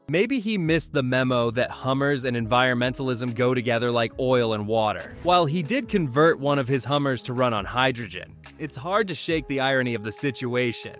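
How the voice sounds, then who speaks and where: A man's voice: medium pitch, lively intonation, a little fast, few pauses, a bit bright. A man narrates a scripted commentary in an ordinary mid-range voice. His delivery is wry and mildly sarcastic, and he addresses the viewers directly. Faint music plays behind him.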